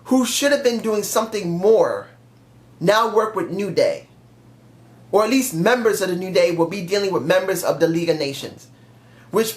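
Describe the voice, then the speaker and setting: A man's voice: high voice, echoey room. Blunt, opinionated male vlogger. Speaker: wrestling show reviewer. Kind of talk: casual opinion vlog.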